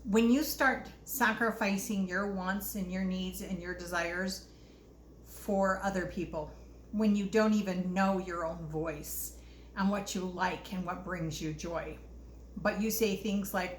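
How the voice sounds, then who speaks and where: A woman's voice: on the low side, fairly even intonation, measured pace, a little hiss or hum. An older woman hosting a casual self-help talk, earnest and reflective, sharing personal stories. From Utah, US. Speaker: host. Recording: echoey room with faint ambience.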